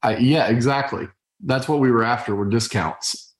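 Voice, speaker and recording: A man's voice: medium pitch, moderate pace. A middle-aged man co-hosting a podcast over a video call, chatting casually in a playful, joking, stop-and-start way. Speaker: podcast co-host. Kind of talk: casual chat. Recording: roomy echo on video call.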